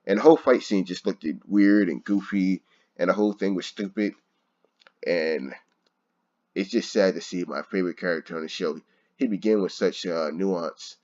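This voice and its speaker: Casting note: deep-voiced male reviewer, exasperated and profane, muffled home recording. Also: moderate pace, darkish tone. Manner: frustrated, swearing, laughing often. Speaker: show reviewer. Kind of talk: casual ranting review.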